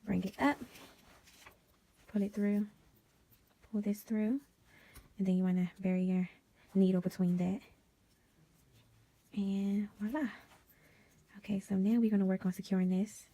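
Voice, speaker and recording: A woman hosting a casual sewing tutorial, chatty and drifting into quiet whispered asides as she works. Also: medium pitch, flat delivery, unhurried, long pauses. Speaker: DIY sewing vlogger.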